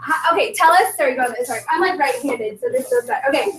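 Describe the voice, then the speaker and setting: Bubbly high-voiced woman, echoey room. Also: big pitch swings, fast, recorded from a distance, crowd noise. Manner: bubbly, chatty, lots of "like" and "um". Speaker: sales director leading a team meeting. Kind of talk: team meeting announcements. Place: meeting room, indoors. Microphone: recorded from across the room.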